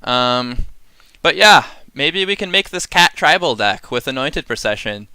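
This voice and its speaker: A man's voice: on the high side, animated, unhurried, sharp tone, clean tone, dry recording. A man giving casual live-stream commentary on a card game set, chatty and sarcastic, often laughing and working himself up into mock rants.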